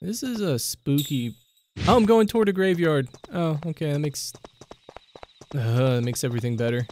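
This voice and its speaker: Young male let's-player, slightly high voice, skittish and jokey. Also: animated, normal speed, darkish tone, a little hiss or hum. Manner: jumpy, panicky reactions with joking asides. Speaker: gaming YouTuber. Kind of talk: let's play commentary.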